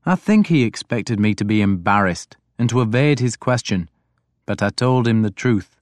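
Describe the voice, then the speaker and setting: A man reading a first-person story as audiobook narrator, in a reflective, even manner. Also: on the low side, normal speed, dry recording.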